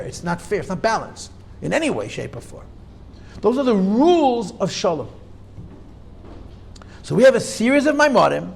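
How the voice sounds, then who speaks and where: Lecturing with emphasis, a rabbi drives home his key ideas again and again, weaving Hebrew and Yiddish words into English. His high-sitting voice carries vocal fry, and there's a faint hiss or hum.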